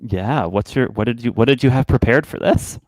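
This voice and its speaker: A man narrating as game master of a tabletop game, speaking haltingly with many fillers and restarts. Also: medium pitch, a little mellow, no echo, poor audio.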